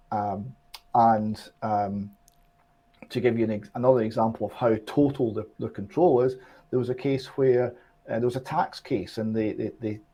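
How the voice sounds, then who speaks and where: A man's voice: medium pitch, warm tone, breathy edge. A man on an online discussion show, explaining and building his argument step by step with emphasis. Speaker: political commentator.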